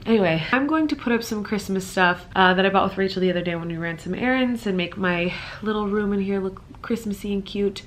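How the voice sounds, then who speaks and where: A woman's voice: medium pitch, a bit bright. A woman in her twenties in casual vlog chat from her home office, chatty and full of "like". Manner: chatty, filler-heavy with lots of "like". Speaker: vlogger.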